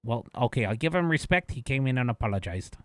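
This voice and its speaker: A man in casual in-character roleplay banter, animated, dropping Chicano slang. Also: mid-range voice, fast talker, dry recording, studio quality.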